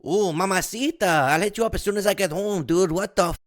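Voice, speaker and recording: A man putting on the voice of a flirty man crooning a mock Spanish love line, slow and drawn out. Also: on the high side, very animated, darkish tone, pitched above the performer's own voice, exaggerated voice.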